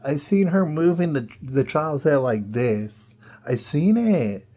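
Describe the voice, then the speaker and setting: A man's voice: on the high side, expressive, takes it slowly, mellow. A man hosting a podcast, telling a casual story in an incredulous way, full of rhetorical questions and repeats. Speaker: podcast host.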